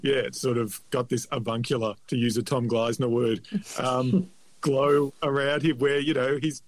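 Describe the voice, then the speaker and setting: A man in a casual podcast chat, reflective and measured with many fillers. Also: mid-range voice, steady tone, no echo.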